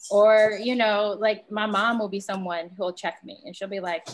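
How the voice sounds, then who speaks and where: A woman's voice: medium pitch, fairly even intonation, normal speed, hardly any pauses, a little hiss or hum. A woman panelist in a round table discussion, talking candidly and acting out little exchanges with friends and family.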